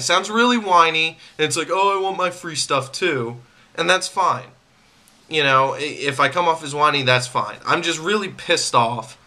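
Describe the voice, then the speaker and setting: An angry man rants straight to camera, his voice strikingly bright and sharp. He circles back to the same complaints again and again, stumbling over his words and restarting sentences as his irritation builds. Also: on the high side. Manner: irritated, repetitive, stammering restarts. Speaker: vlogger.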